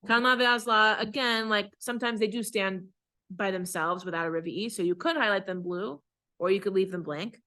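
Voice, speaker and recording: A woman cantor with a bright, ringing voice leads a class in a synagogue. She explains each chanted phrase in a patient, conversational way. Then she sings the phrase slowly as an example. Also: medium pitch. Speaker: cantor teaching Torah chanting.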